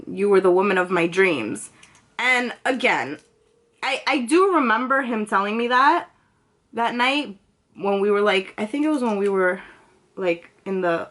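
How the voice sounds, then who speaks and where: A woman's voice: medium pitch, fairly bright tone. A young woman vlogging, telling a personal story in a chatty, casual way, full of filler words and swearing freely.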